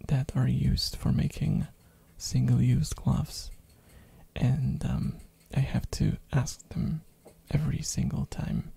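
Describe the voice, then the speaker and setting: Hoarse, gravelly soft-spoken ASMR rambler. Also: mid-range voice. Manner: rambling, with frequent fillers and giggles. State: hoarse from a throat infection. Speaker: ASMR streamer. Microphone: binaural mic.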